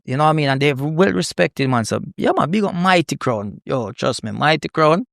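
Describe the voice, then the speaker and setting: Laughing, animated Jamaican man. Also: on the high side, brisk, creaky, no room sound, studio quality. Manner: animated storyteller, laughs a lot, repeats "you know what I mean". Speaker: guest comedian. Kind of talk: podcast conversation.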